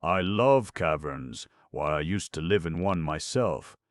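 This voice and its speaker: A man's voice: extremely low pitch, normal speed, dry recording. A man doing a fierce little old gnome king. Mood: pleased. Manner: howling, frightened, then boastful.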